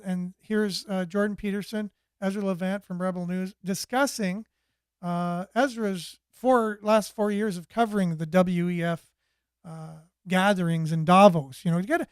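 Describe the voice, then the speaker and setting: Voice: medium pitch, darkish tone, clean tone, no echo, clean studio sound. A channel host giving casual political commentary in a rambling way, with many fillers.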